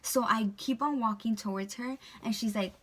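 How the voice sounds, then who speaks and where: Talking at an ordinary speed, a young woman whose voice is slightly high recounts a storytime for her vlog. She keeps things chatty, with lots of "like" and "um" thrown in.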